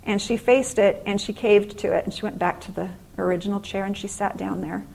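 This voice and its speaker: A middle-aged woman giving a faith-based motivational class at a conference, telling stories with lively acted-out exclamations. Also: mid-range voice, brisk, creaky, husky, poor audio. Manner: animated storytelling, acting out exclamations. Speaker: conference speaker and author.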